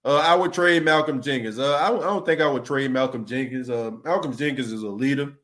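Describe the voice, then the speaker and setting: A man's voice: medium pitch, a little fast, a bit bright. A man hosting a casual sports talk podcast. He talks in a loose, conversational way, often restarts his words, and reads out and answers listener comments. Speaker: podcast host.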